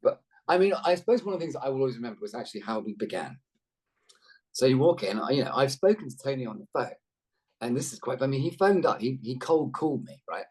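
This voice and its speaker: A man in middle age talks through a video call, his voice husky and swinging up and down as he rambles from one anecdote to the next. He stays chatty and self-deprecating, often restarting his sentences. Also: medium pitch, big pitch swings, fast, a little mellow. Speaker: actor guest. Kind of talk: casual interview chat.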